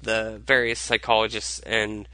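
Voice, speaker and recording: A tired man hosting a casual solo podcast, talking in a halting way with many fillers and restarts. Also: fairly low pitch, completely flat delivery, bright, forceful tone, dry recording, poor audio. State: tired, low on energy. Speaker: podcast host.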